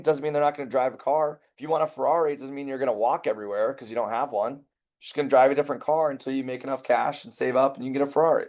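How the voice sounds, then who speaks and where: A man giving a lively sales training talk, telling stories and checking in with the room. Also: medium pitch. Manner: energetic, conversational, checks in with listeners.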